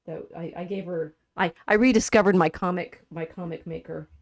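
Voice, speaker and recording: A woman co-hosting a livestream, chatting casually about poetry with a lively, laughing manner and frequent restarts. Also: fairly low pitch, a little fast. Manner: animated and chatty, laughs often, trails off mid-sentence. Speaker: podcast co-host.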